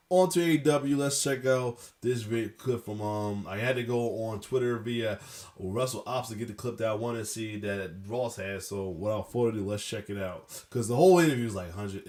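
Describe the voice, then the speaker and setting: A man's voice: fairly low pitch, normal speed. A man hosting a reaction video, rambling with many fillers and blunt asides. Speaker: reaction channel host. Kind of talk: casual reaction commentary.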